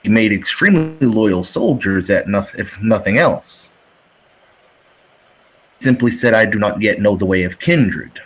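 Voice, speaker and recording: A man voicing a solemn vampire aristocrat in a tabletop game, formal and measured, slow and deliberate, lowish voice. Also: animated, husky, low-quality recording. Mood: disappointed, grave. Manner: formal, measured, old-fashioned phrasing. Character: grave, disillusioned male vampire neonate. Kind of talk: tabletop role-play in character.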